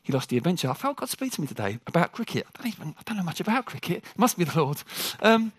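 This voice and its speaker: A man preaching a sermon to a congregation. He jokes with the room and talks in an animated way. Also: a little high, racing, breathy edge, no room sound, studio quality.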